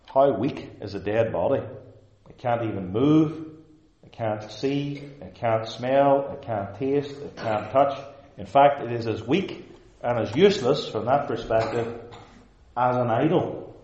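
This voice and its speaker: Male pastor, mid pitch, measured emphatic sermon delivery, roomy church sound with dull, muffled highs. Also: darkish tone. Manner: measured, emphatic preaching with repeated short phrases. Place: church service before a live congregation.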